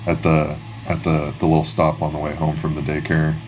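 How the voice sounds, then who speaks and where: A man's voice: rumbling low, completely flat delivery, a little fast, background noise. A man narrating a tabletop game as game master, rambling with many restarts and fillers.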